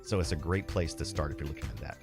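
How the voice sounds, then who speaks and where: A man hosting a casual livestream, chatting with viewers, laughing often and reading their comments aloud. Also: extremely low pitch. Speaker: livestream host.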